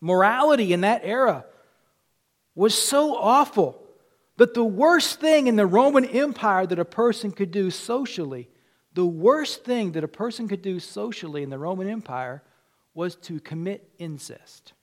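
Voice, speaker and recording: A man with a Southern US accent preaching a sermon as pastor, swinging from loud declarations to hushed asides. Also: high-pitched, animated, a little slow.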